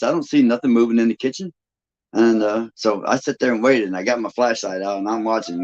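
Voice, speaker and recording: A man's voice: medium pitch, quick pace, darkish tone. A man from Michigan hosting a live stream, chatting casually and folksily with viewers and laughing often. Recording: dull lo-fi sound.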